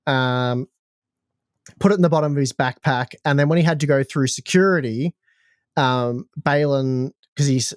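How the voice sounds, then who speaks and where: A man's voice: medium pitch, dry recording, clean studio sound. An Australian man co-hosting a podcast, telling a story in a chatty, joking way. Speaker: podcast co-host. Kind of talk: casual chat.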